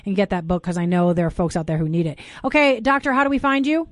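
A woman hosting a call-in radio talk show, talking quickly and eagerly and admitting she rushes her words. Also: lowish voice, no room sound, studio quality. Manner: fast, warm-hearted, talks over herself.

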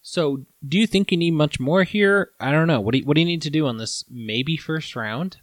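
A man chatting casually while tasting candy, animated and jokey, swearing now and then. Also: fairly high pitch, moderate pace, no echo.

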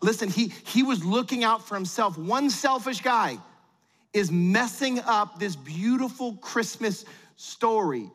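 A middle-aged man preaching a sermon as pastor, animated and acting out quotes in little voices. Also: high-pitched, measured pace, in a large hall.

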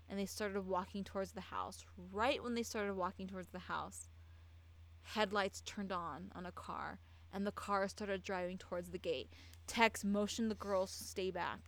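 A woman's voice: medium pitch, a bit bright, rough recording. A tipsy woman tells a true-crime story in a loose, casual way. She rambles, trips over her words and restarts her sentences as she goes.

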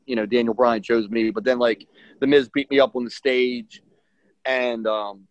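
A man's voice: medium pitch, normal speed, dry recording. A middle-aged man, a professional wrestler, telling a story in a casual interview, acting out what people said with lots of fillers. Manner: animated, acts out quotes, many fillers. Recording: dull lo-fi dry sound.

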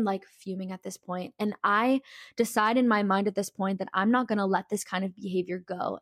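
Young woman, casual storytelling, emphatic, lots of fillers, mid pitch, dry close sound. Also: dry recording. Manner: candid, emphatic, uses many fillers like "like". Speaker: speaker telling a personal story.

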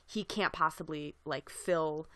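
A young woman co-hosting a casual podcast, thinking aloud in a slightly low voice. She hedges often with "like" and "you know", and the recording is close and dry. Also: steady tone, measured pace, no room sound. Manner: reflective, hedging with fillers. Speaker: podcast co-host. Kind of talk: casual chat.

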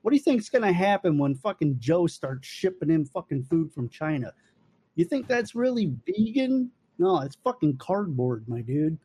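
A man's voice: a little high, expressive, normal speed, hardly any pauses, warm tone, slightly rough, no echo. A man rambling casually in a podcast chat, loose and profane.

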